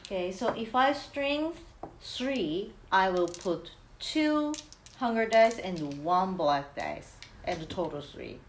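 A woman's voice: medium pitch, expressive, takes it slowly, echoey room, slight background noise. A woman playing in a tabletop role-playing game, answering hesitantly and searching for words. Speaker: player. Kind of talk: tabletop role-play, casual.

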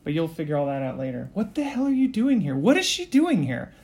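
A man's voice: medium pitch, a little slow, a little mellow, close to an everyday voice. A man voicing a cocky young male gang member who talks in a laid-back, slangy way. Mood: casual.

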